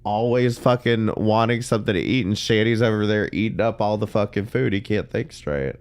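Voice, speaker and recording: Deep-voiced profane commentary host. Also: male voice, a little fast. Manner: blunt, profane, exasperated. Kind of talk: reaction commentary on stream clips.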